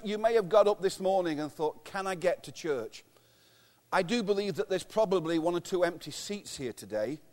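An English man in his fifties preaching a sermon as pastor, telling humorous, self-mocking stories. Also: high voice. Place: church. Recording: long hall reverb.

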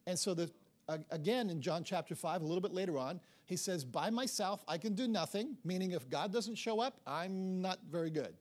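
A middle-aged man preaching a sermon, telling a story with lively acted-out dialogue. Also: sits high, a little fast. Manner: animated storytelling, acts out dialogue. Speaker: pastor.

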